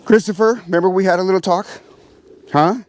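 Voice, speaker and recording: A man with a high, brisk voice and fairly even intonation hosts a casual farm vlog from outdoor aviary pens. This pheasant farmer chats to viewers while doing chores and talks to his birds in a raised, coaxing voice.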